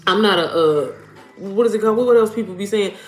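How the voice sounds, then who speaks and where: This mom business coach talks quickly in a medium-pitched voice during a casual livestream, blunt and chatty, swearing casually and greeting viewers as "y'all." The roomy home recording carries faint music.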